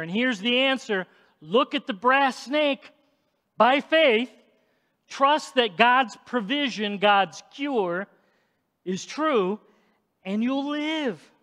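Male pastor, higher voice, unhurried sermon, emphatic then hushed, long church reverb. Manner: emphatic, swings between loud and hushed.

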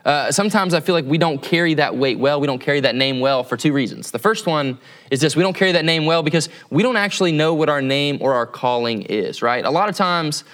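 A man's voice: on the high side, animated, fairly quick, a bit bright. A man preaching as a campus pastor in a conversational sermon, often checking in with tag questions.

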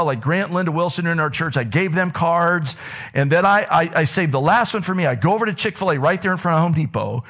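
A middle-aged pastor with a drawl delivers a lively sermon, his fairly high voice leaping upward as his stories build. He talks with energy, mixing scripture with funny anecdotes. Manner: animated storytelling, voice rising high when excited.

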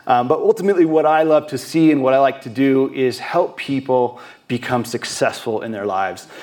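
A man giving a sermon as a guest preacher, earnest, often repeating and restarting words, now and then acting out short quoted voices. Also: medium pitch. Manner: acts out quoted voices briefly.

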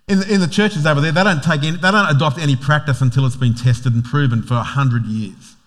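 A man's voice: on the high side, fairly quick. A man with an Australian accent, a pastor giving a casual, joking sermon full of fillers and restarts.

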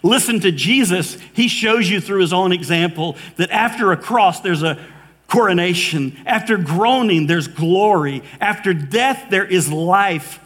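A man's voice: high voice, measured pace, fairly bright tone. A man preaching a sermon to a congregation, earnest, building rhythmic repeated phrases. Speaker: pastor. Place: church sanctuary with congregation.

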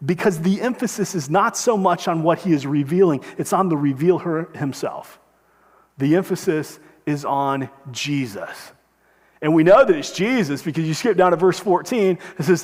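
Pastor guy preaching, kinda high voice, earnest and emphatic, big hall echo. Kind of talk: sermon.

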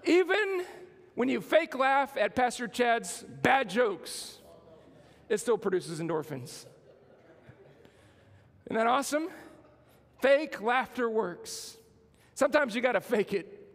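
A man's voice: extremely high pitch, animated, slow, pauses often, fairly bright tone, big-room sound. A man preaching a sermon as pastor, building emphasis and calling on the congregation to respond.

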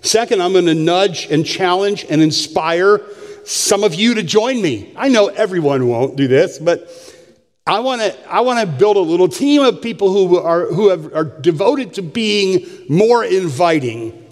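An older man preaching a sermon, his voice sitting a touch high for a man. He tells plain, humorous stories in an easy folksy way. The sound rings with the long reverb of a church hall. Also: expressive, unhurried. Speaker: pastor. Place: church sanctuary.

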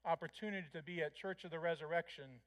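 A male pastor preaching a sermon in a measured, reflective way, with small hesitations. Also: a little high, fairly bright tone.

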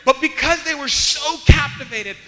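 High, bright-voiced man preaching in a hall. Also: moderate pace. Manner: swings from loud exclamations to hushed near-whispers. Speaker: pastor. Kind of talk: sermon.

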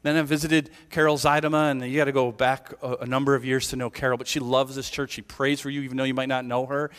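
A man's voice: medium pitch, little pitch movement, quick pace, a bit bright, clear, resonant tone, big-room sound. A man preaching a conversational sermon as pastor, chatty and informal, often checking in with "right?". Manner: chatty, keeps asking "right?". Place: church sanctuary.

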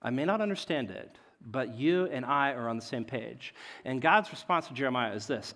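A man preaching a sermon as a pastor, in a conversational way, often checking in with "right?" and swinging between loud emphasis and quiet asides. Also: mid-range voice, expressive, normal speed. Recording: long hall reverb.

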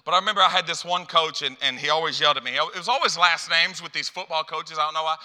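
A man's voice: on the high side, fast talker, few pauses, bright, forceful tone. A man preaching a sermon as a pastor, telling stories and acting out dialogue with lots of repeated phrases. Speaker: youth pastor. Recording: long hall reverb.

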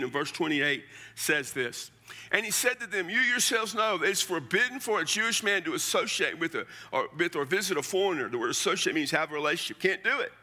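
A man's voice: high-pitched, sharp tone, in a large hall. A man preaching a sermon in a folksy, conversational way, with asides and restarts. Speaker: pastor.

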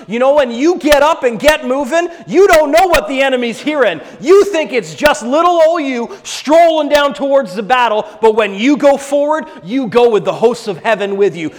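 This preacher's sermon is animated and delivered at normal speed with hardly any pauses, his voice noticeably high. He moves from fervent, loud exhortation to quiet, hushed scripture retelling, and long reverb gives it a church-sanctuary ring.

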